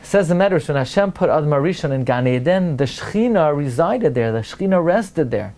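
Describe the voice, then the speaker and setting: A man, a rabbi, giving a Torah lecture, asking rhetorical questions and rising to an excited high pitch to make a point. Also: a little fast. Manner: peppers English with Hebrew and Aramaic terms, asks rhetorical questions.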